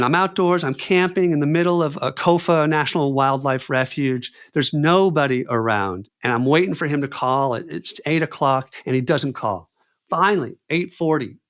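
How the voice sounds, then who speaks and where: Animated man telling a story. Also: fairly high pitch. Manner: animated, acts out both sides of conversations. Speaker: podcast guest. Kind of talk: casual storytelling.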